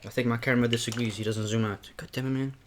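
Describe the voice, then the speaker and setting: A man's voice: medium pitch, steady tone, fast talker, slight background noise. A young man vlogging a mukbang, talking casually and candidly between bites, rambling and often saying "man". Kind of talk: casual talk to camera while eating.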